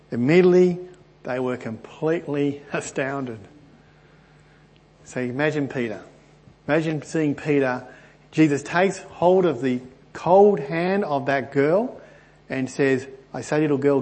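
Earnest husky preacher man. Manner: earnest and animated, often rising in pitch and volume. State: clearing a stuffy throat. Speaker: pastor. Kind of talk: Bible teaching.

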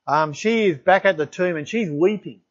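A man's voice: sits high, moderate pace. Enthusiastic man preaching. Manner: enthusiastic, exclaims in wonder. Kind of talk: sermon with scripture reading. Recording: dull lo-fi recording.

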